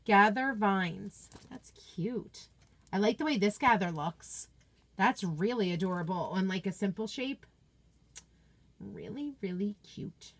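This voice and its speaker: A woman's voice: mid-range voice, expressive, slow pace. A woman hosting a casual unboxing video from her home office, gushing with enthusiasm and chatting to viewers' comments. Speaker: craft product seller and video host.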